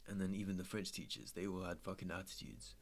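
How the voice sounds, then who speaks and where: Young man, low register, easygoing streamer chat full of slang. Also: fairly even intonation, quick pace. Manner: laid-back, slangy, swears freely. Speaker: trader streaming his trading. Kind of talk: casual chat.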